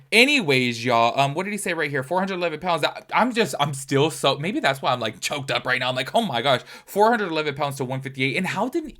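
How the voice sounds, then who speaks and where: Chatty, exclaiming man in casual commentary. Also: medium pitch. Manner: chatty and expressive, often exclaiming, with frequent fillers. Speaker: commentary YouTuber. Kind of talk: casual reaction commentary, reading an article aloud.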